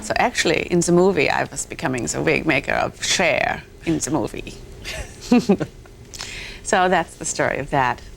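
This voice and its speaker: A woman's voice: low voice, normal speed, vocal fry, a little hiss or hum. A woman in her forties, a guest actress on a talk show, telling rambling anecdotes with self-deprecating laughs.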